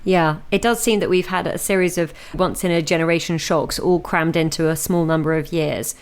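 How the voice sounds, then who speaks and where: A woman speaking as a panelist on a news discussion podcast, measured and thoughtful. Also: lowish voice, fairly even intonation, clear, resonant tone.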